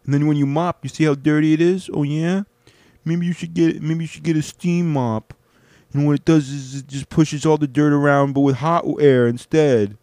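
A man voicing a bossy, mocking male friend who scolds him loudly. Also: on the high side, fairly even intonation, normal speed, no echo, pitched above the performer's own voice, lightly acted. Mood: scornful.

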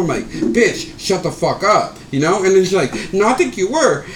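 A man's voice: high-pitched, fast, hardly any pauses, a little hiss or hum. A man co-hosting a casual group podcast, telling crude stories full of slang and acting out what people said. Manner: animated storyteller, crude slang, acts out quotes. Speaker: podcast co-host. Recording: echoey room.

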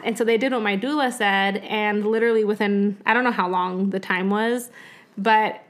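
A young woman casually telling a personal story in conversation, animated and laughing often. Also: medium pitch, moderate pace.

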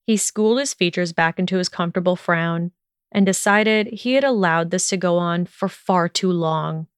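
A woman narrating a fan fiction story in a steady, even storytelling manner. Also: lowish voice, moderate pace, clear, resonant tone, dry recording, clean studio sound.

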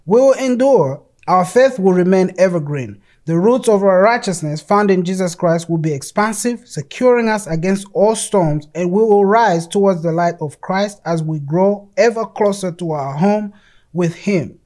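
A preacher in the middle of a sermon, talking at an ordinary middle pitch. The delivery is emphatic, with frequent stumbles and repeated words as sentences restart. Passages from an article and scripture are read aloud along the way. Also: moderate pace, darkish tone.

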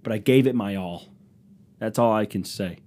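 A young podcast host with a lowish, warm voice and moderate pace rants sarcastically on his solo comedy show about rude customers, mocking them with put-on voices.

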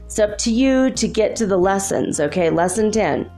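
A woman hosts her own casual solo podcast, chatting directly to her listeners and laughing often between phrases. Her medium-pitched voice is warm and animated at a moderate pace, with soft music playing in the background.

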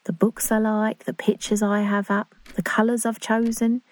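A woman's voice: mid-range voice, level tone, moderate pace, darkish tone, lightly acted. An actress playing an earnest, awkward young woman in love. She speaks in a chatty, confiding, self-conscious English voice in a dramatic monologue. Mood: excited.

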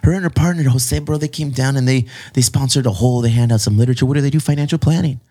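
A man's voice: medium pitch, very fast, mellow. Man, casual podcast chat, laid-back, slangy, profane. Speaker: podcast co-host.

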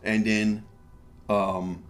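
A man co-hosting a podcast, recapping a TV episode in casual chat, emphatic and animated as he talks over his partner. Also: lowish voice, drawn-out words. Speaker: podcast co-host.

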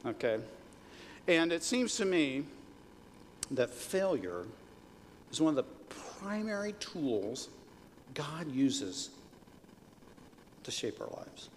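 A male pastor gives a sermon in a relaxed, conversational way, often tossing out "right?" and "okay?" to the room. His voice sits a bit high for a man. A long reverb from a large hall trails behind his words. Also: slow, pauses often, a little hiss or hum.

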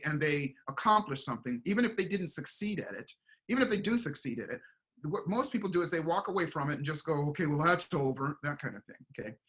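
A middle-aged man speaks in a relaxed interview, a motivational coach with a bright, forceful voice. He pitches a bit high and slips into playful voices for the people and pets in his stories. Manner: animated storyteller, acts out voices in quotes. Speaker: guest, performance coach. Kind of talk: casual motivational interview talk.

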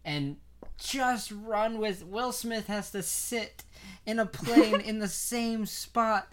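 A podcast co-host in a relaxed, chatty conversation, telling stories in an animated way. Laughter breaks in often, and the voice sits at a middle pitch. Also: slow, noisy background. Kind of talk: casual chat.

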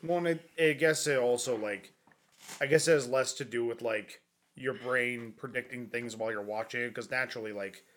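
A man's voice: mid-range voice, normal speed, a bit bright. A man co-hosting a film podcast, rambling casually with lots of "like" fillers and easy laughs. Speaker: podcast co-host.

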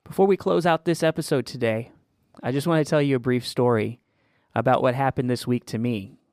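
Man, podcast host, earnest, encouraging, mid pitch, dry close mic. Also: fairly quick, a little mellow, dry recording. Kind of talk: casual faith podcast chat.

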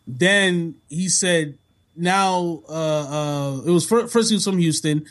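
Casual podcast co-host, man, high-pitched and animated, quick to laugh. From half Bajan, family in Toronto. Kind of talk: casual chat.

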